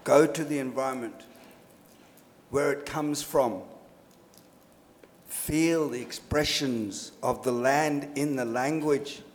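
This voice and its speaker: A man's voice: medium pitch, slow, pauses often. A man with an Australian accent, speaking bluntly and emphatically on a forum panel, telling stories with dry humor. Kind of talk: panel discussion. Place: lecture hall at a public forum. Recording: reverberant lecture hall.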